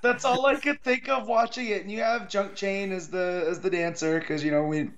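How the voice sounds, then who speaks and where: Male podcast co-host, slightly high voice, wry asides, dull lo-fi sound. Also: fairly even intonation, normal speed, a bit bright. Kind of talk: casual TV review chat. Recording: muffled lo-fi audio.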